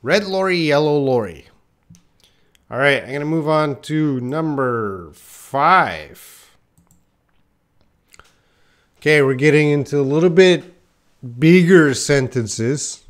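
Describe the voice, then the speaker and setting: Slow-talking man teaching live. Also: a little high, lively intonation. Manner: chatty, laughs at own slips, talks to viewers by name. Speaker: English teacher. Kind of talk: casual live-stream lesson.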